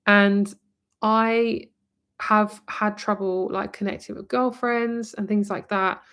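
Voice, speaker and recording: Speaking slowly in a medium-pitched, level, fairly bright voice, this woman from near London does a live-stream tarot reading. Her southern English accent carries a chatty, meandering style, and she addresses the viewer as "my lovely."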